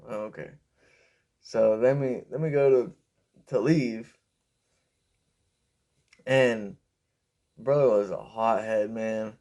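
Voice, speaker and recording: A young man rambling through a personal story with lots of fillers, raising his pitch when he quotes people. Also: takes it slowly, long pauses, dark tone. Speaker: vlogger telling a story. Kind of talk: casual storytelling.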